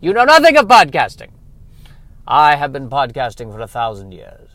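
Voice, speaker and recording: An ancient, grandiose mother superior, as a man puts her on, intoning with drawn-out, sweeping pauses. Her delivery swings from hushed, near-whispered lines to sudden booming declarations, all very slow and theatrical. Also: huge pitch swings, no echo. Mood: solemn. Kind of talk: comedic improvised sketch.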